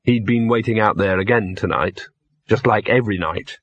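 A man narrating an audiobook in a steady, dry storytelling manner. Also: lowish voice, moderate pace, breathy edge. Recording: dull lo-fi dry recording.

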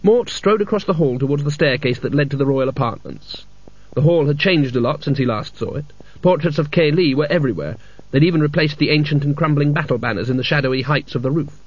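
Husky male audiobook narrator, dull lo-fi. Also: fairly high pitch, fast, no echo. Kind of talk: scripted narration.

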